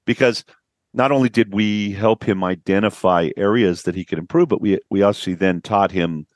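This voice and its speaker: A man's voice: fairly low pitch, normal speed, darkish tone, no echo, studio quality. A man, a business coach, telling stories of clients on a podcast and acting out their quotes. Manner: storytelling, acts out quotes with a rising voice. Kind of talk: podcast interview.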